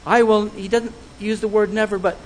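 A man preaching a sermon, earnest and measured, putting searching questions to his listeners. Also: high voice, steady tone, rough recording.

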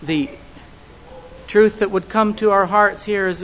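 A high-pitched male preacher delivers a sermon in an earnest, measured way. He speaks in steady phrases and turns to his listeners with searching questions. A faint hum sits behind his voice. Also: low-quality recording.

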